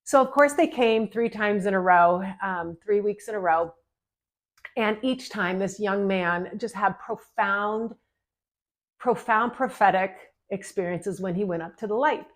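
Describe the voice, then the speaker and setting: A woman's voice: medium pitch, measured pace. Earnest woman telling a healing story. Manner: earnest, gently spiritual, speaks in flowing run-on phrases. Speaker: energy healer telling a client story. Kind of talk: heartfelt storytelling monologue.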